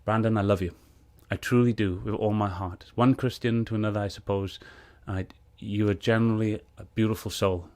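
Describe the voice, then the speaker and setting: A man's voice: lowish voice, steady tone, a little fast, hardly any pauses, a little mellow. A man reviewing a video clip, arguing back at it in an earnest, heated way. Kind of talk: reaction commentary on a clip.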